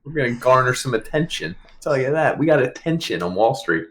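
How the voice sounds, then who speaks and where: A man's voice: medium pitch, animated, fairly quick, fairly bright tone. A man co-hosting a podcast in a casual chat, playful and jokey, asking lots of questions. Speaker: podcast co-host.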